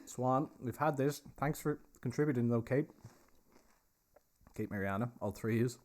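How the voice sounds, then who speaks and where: Guy running a virtual pub quiz from inside a pub, mid pitch, jokey and easygoing. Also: a little slow, a little hiss or hum. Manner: chatty, joking, confirming audience answers. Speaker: host and pub guide. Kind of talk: casual live virtual pub tour and quiz.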